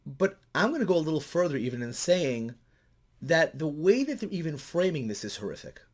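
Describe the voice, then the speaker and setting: A middle-aged man with a fairly high voice talks as a counselor sharing his views. He tells stories in a lively way, and his pitch swings up sharply as he gets worked up. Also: brisk. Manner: animated storyteller, voice climbing high when excited. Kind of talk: commentary vlog.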